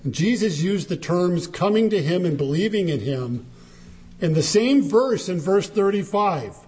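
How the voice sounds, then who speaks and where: A man delivers a sermon in an emphatic, dramatic way. His voice sits high for a man and swings widely in pitch, rising sharply whenever he quotes. It moves between soaring lines and low, quieter phrases. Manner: animated, emphatic, dramatic shifts in pitch when quoting. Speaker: preacher.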